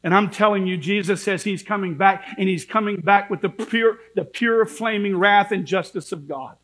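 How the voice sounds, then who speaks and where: A man preaching a sermon in a church, impassioned, swinging between shouted warnings and low pleading. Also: moderate pace, rough recording.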